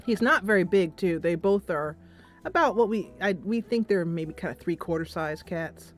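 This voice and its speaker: A woman's voice: fairly low pitch, expressive, moderate pace, faint music behind. A young woman hosting her gaming livestream, chatting casually and laughing often. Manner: chatty and giggly, with frequent laughs. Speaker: gaming channel host.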